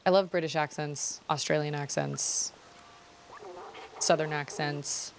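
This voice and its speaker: A woman playing through a video game and chatting casually to viewers. She is self-deprecating and often trails off mid-thought. Her voice sits a little low for a woman. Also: fairly even intonation, measured pace, gravelly, pauses often, slight background noise. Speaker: game streamer. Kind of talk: casual let's-play commentary.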